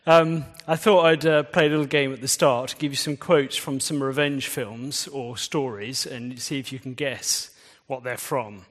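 In a reverberant church hall, a man preaches a conversational sermon and quizzes the audience. His mid-range voice is steady and measured, with few pauses.

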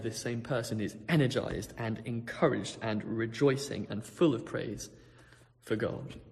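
A pastor preaching a sermon, telling a story vividly, swinging from hushed tones to loud ones. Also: male voice, medium pitch, in a large hall.

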